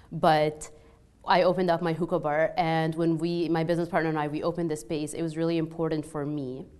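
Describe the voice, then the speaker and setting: A woman's voice: low-pitched, a little mellow. A young woman speaking as a panel guest, chatty and informal, with lots of "like" and "you know". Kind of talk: casual panel talk.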